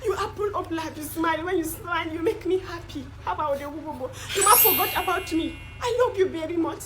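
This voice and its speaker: A woman's voice: very high voice, quick pace, background noise. A woman with a Nigerian accent playing a caring young woman who pleads with and coaxes a friend in a comedy skit. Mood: fond. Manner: pleading, coaxing, laughing through words. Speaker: comforting girlfriend on a call.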